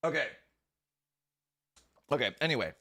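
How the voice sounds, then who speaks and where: A man's voice: mid-range voice, big pitch swings, unhurried, gravelly, sharp tone, no echo, studio quality. A young man streaming, chatting casually and ranting with lots of swearing and exasperation.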